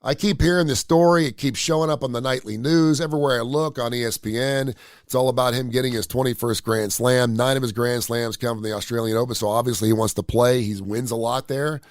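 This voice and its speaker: A man's voice: mid-range voice, fairly quick, no echo, studio quality. A man hosting a live radio show, ranting bluntly with crude humor. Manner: blunt, opinionated, animated rants with crude humor. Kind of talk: casual live-stream monologue.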